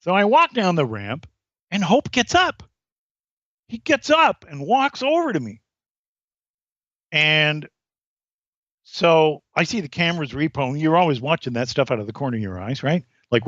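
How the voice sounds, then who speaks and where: Animated man telling showbiz stories. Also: fairly high pitch, normal speed, pauses often, no room sound, muffled recording. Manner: animated storyteller, acts out voices. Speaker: comedian guest. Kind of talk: podcast anecdote telling.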